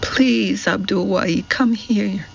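A man's voice: high voice, takes it slowly, gravelly, lo-fi sound, slight background noise, voice pushed up, full character voice. A man voicing Mrs Ali, an older woman who pleads anxiously and emotionally with her nephew. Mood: pleading.

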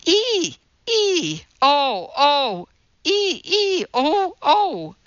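A woman's voice: a little high, fast talker, no room sound, highs cut off, pitched above the performer's own voice. A woman doing a rowdy little boy. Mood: yowling. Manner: excitable, yowls like a chimp.

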